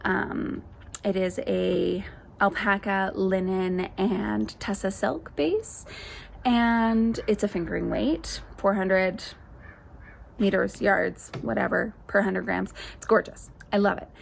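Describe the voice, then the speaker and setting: A woman's voice: mid-range voice, slow pace, vocal fry, a little hiss or hum. A young woman hosting a knitting podcast, chatting in a casual, enthusiastic, rambling way with plenty of fillers, speaking to the camera. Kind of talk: casual show-and-tell chat. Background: faint birdsong ambience.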